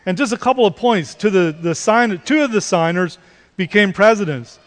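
A male pastor with a notably high voice delivers a Sunday sermon, pressing his points with repeated, emphatic questions. His voice rings out in a church sanctuary, trailing a long reverb from the large room. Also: expressive, normal speed.

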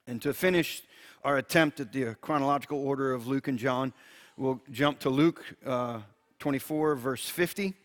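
Gentle man teaching from scripture. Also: medium pitch, normal speed. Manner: gentle, chuckles often, repeats words when restarting. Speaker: preacher. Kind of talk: Bible teaching, reading scripture aloud.

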